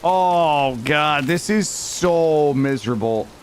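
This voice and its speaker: A man streaming a game live, excitable, swearing and talking to his chat. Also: fairly high pitch, slow pace, slight background noise. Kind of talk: live gameplay commentary.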